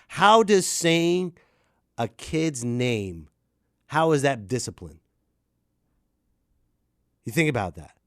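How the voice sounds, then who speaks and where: A man's voice: a little high, big pitch swings, takes it slowly, long pauses, fairly bright tone, no echo, studio quality. A man ranting crudely and animatedly about parenting, now and then mocking others in put-on voices. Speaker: podcast host. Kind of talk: ranting monologue.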